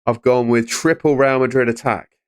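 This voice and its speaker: The young man speaks at a normal speed in a medium-pitched, steady voice with a clear, resonant tone while hosting a chatty fantasy football live stream and answering chat messages as casual commentary. His stand-mounted studio mic gives clean studio sound with no room.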